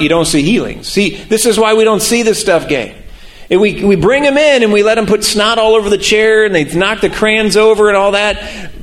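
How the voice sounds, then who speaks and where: Middle-aged male pastor, slightly high voice, lively and chatty, laughs often. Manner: animated and conversational, laughing often. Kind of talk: sermon.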